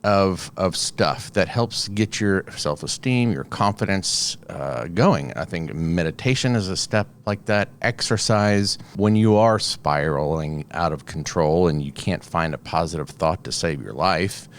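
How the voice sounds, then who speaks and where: A man's voice: sits low, unhurried, hardly any pauses, slight background noise. A man co-hosting a podcast, chatting casually and acting out little scenes as he talks. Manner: animated storyteller, acts out quoted voices. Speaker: podcast co-host. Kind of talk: casual chat.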